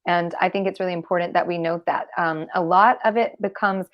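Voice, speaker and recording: A woman's voice: lowish voice, fairly even intonation, fairly quick, dull audio. A woman hosts an online talk show and works through a numbered list of points. She trips over a word now and then and starts it again. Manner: reads points in a list, with restarts. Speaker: host.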